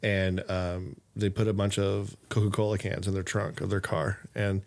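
A man with a lowish voice hosts a relaxed podcast conversation. He rambles through his stories, leaning on "like" and "um" as he goes. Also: moderate pace, creaky. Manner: rambling, filler-heavy storyteller. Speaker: podcast host. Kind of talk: casual chat.

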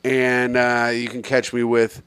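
A man's voice: mid-range voice, completely flat delivery, a little slow, a bit bright, clean tone. A young man hosting a comedy podcast, joking and self-mocking in casual banter. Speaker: podcast host.

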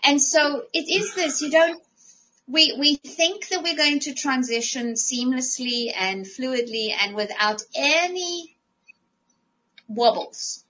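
Woman, podcast co-host, life coach, animated, bright voice, slightly high pitch. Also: takes it slowly, slight background noise, rough recording. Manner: animated, restarts phrases often, acts out her own thoughts. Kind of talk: casual conversational podcast.

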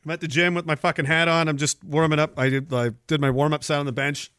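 A man's voice: fairly high pitch, level tone, fast, a bit bright, smooth, dry recording, studio quality. A man from Canada hosting a casual, profane livestream, joking crudely, laughing often and reading out chat messages.

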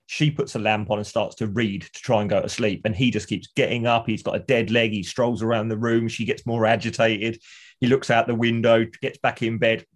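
A man's voice: lowish voice, fairly even intonation, a little fast. A man, co-hosting a podcast, chatting casually and enthusiastically retelling TV scenes. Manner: enthusiastic storyteller, acts out scenes. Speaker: podcast co-host. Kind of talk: casual chat.

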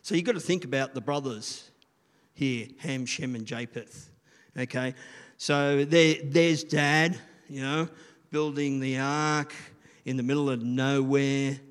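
A man's voice: mid-range voice, fairly even intonation, slow pace, clean tone. A middle-aged man, giving a rambling, chatty sermon and often asking the listeners questions. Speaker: children's church leader. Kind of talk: informal sermon. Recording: long reverb of a large room.

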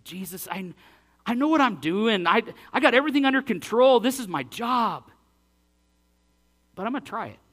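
A man's voice: fairly high pitch, sing-song, quick pace, few pauses. A man voicing a flustered male fisherman who stammers while defending his expertise and then gives in. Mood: defensive.

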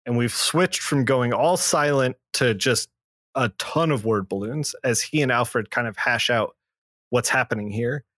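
A man's voice: measured pace, fairly bright tone, no room sound. Podcast co-host, male, rambling plot recaps, dry close mic. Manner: recaps plots loosely with many fillers and restarts; acts out character lines in a lower voice. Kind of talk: casual comic book discussion.

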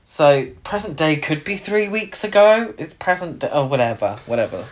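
Co-host of middling pitch, fed up and swearing while picking apart a film. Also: animated, moderate pace. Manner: exasperated, sweary, rambling with restarts. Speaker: podcast co-host reviewing a film. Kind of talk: casual chat.

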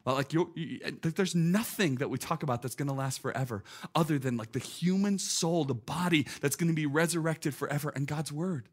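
A man in his thirties, a pastor preaching a conversational, lively sermon full of "like" and "listen". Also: a little high, brisk, few pauses, slightly rough. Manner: conversational, animated, peppered with "like" and "listen".

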